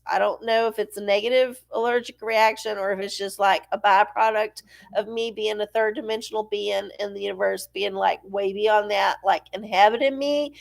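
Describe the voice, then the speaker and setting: A woman's voice: medium pitch, gravelly. A middle-aged woman hosting a live-stream oracle show, chatting casually and profanely, rambling off on tangents while sneezy from allergies.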